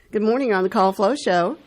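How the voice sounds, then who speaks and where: A woman hosting a radio call-in show, reading this-day-in-history items aloud with small stumbles and chatty asides. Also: medium pitch. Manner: reads items aloud with stumbles on names and side comments. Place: radio studio.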